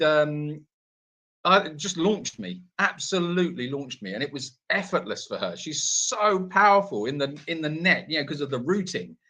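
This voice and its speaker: A man's voice: on the high side, pushed and bright. Laughing, jokey man on a live stream. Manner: chatty, jokey storyteller who laughs at his own stories. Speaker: sanctuary team member co-hosting a live Q&A. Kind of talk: casual live-stream chat.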